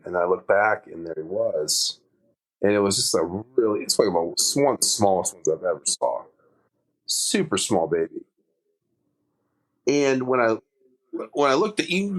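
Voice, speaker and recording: Man, low voice, animated storyteller who acts out quotes; interview guest. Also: rough recording. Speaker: guest, underwater photographer.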